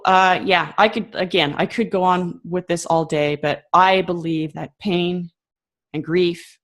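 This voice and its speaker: Passionate, emphatic woman interview guest. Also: mid-range voice. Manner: reflective, with frequent fillers. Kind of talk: conversational interview.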